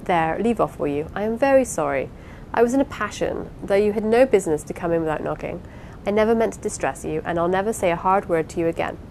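A woman's voice: on the low side, a little mellow, a little hiss or hum, low-quality recording. Rosamond, an eager pleading young wife, as a woman reads her. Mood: coaxing. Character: impulsive warm-hearted young wife. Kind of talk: audiobook character reading.

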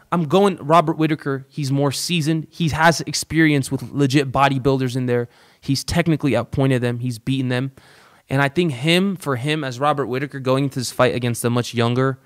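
Blunt, swearing man talking fights. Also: medium pitch. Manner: blunt, swearing, calls listeners bro. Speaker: podcast host. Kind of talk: casual fight-prediction talk.

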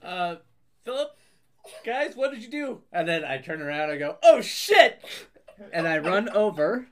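A man's voice: sits high, expressive, normal speed. A man playing a tabletop game, joking and laughing with his friends. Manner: playful, laughing. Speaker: player.

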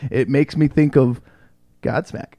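A man's voice: medium pitch, fairly even intonation, a little slow, creaky, warm tone, no room sound. Laid-back laughing podcast guy. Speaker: podcast co-host. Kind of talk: casual chat.

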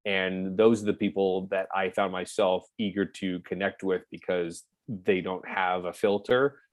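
A man's voice: low voice, measured pace, no room sound. A young man, an actor as a guest, talking casually about his past, laughing often and acting out what others said. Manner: relaxed, laughs often, acts out voices of others. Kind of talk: casual interview chat.

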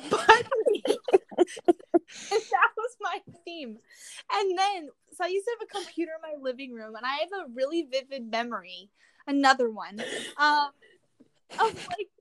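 A young adult woman co-hosting a casual chat with friends, telling stories in an animated way and laughing often. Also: high-pitched, measured pace, no room sound. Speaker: co-host.

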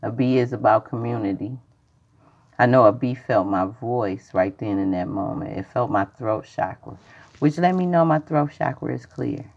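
A woman's voice: rumbling low, animated, normal speed, darkish tone, highs cut off. A woman hosting a rambling, preachy spiritual livestream monologue that circles back and repeats itself. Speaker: podcast host.

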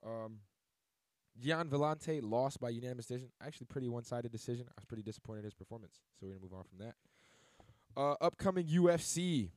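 A man's voice: mid-range voice, darkish tone, dry recording, studio quality. Rambling casual male sports podcaster. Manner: loose, rambling, filler-heavy delivery with self-corrections. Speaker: podcast host.

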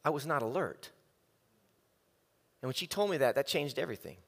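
Animated man preaching in a hall. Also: a little high, fairly quick. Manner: animated and self-mocking, acting out quotes. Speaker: speaker. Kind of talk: humorous sermon storytelling.

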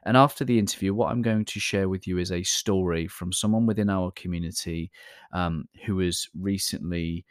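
A man speaking gently and compassionately as a host, with hesitant fillers. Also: low voice, fairly even intonation, normal speed, dry recording, studio quality. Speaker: channel host introducing a clip. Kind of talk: calm reflective talk to camera.

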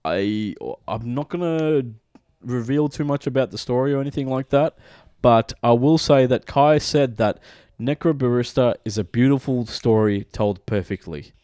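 A man's voice: mid-range voice, moderate pace, mellow, clear, resonant tone, no room sound, clean studio sound. A man hosting a gaming podcast, running through news in an easygoing, chatty way. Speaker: podcast host. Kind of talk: casual gaming podcast chat.

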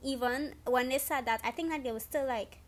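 A young woman telling her story as a guest in a casual chat, animated and acting out what people said. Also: sits high, brisk. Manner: animated, acts out quotes, rises to squeals when excited.

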